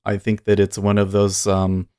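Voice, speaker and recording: A man hosts a live trading stream, talking casually and thinking out loud. He rambles from one point to the next and laughs often. His voice sits fairly low for a man. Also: monotone, normal speed, smooth, no room sound, studio quality. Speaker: day trading livestream host. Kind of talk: casual livestream commentary.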